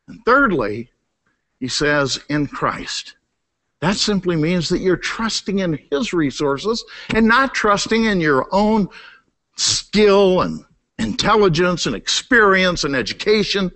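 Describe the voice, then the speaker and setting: A middle-aged man delivers a sermon in a high, bright, ringing voice. He leans hard on repeated words and swings from raised emphasis to low, hushed lines. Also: big pitch swings, a little slow. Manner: emphatic, repeats key words, rises in pitch for emphasis then drops low and quiet. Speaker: pastor. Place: church sanctuary.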